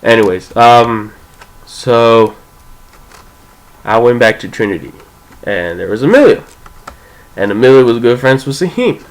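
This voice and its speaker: A young man spins a casual story from his school days, his voice lively and bouncing up and down as he acts out what everyone said. He talks loosely and swears freely. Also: unhurried, pauses often, low-quality recording. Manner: animated, profane, acts out quoted voices with big pitch jumps. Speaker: vlogger telling a personal story.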